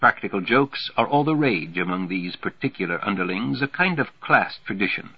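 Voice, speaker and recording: A man with a low, husky voice reads a novel aloud in a wry, steady way. The recording is dull and lo-fi with a dry, close sound. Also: normal speed, no echo. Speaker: audiobook narrator.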